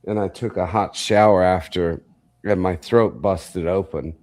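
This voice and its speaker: A man's voice: sits low, fairly even intonation, a little slow, darkish tone. A man in casual chat, telling a long, profane story with energy.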